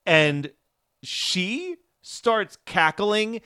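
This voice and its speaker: A man's voice: sits high, very animated, extremely slow, bright, forceful tone, smooth, dry recording, studio quality. A young man co-hosting a podcast in casual chat, laid-back, swearing casually and laughing a lot. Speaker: podcast co-host.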